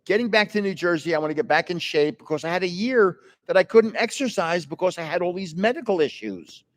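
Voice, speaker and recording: An older livestream host speaks briskly in a high-pitched, animated voice, and the audio has a long reverb tail. He's indoors in a building with another floor, telling meandering stories in a chatty, casual way.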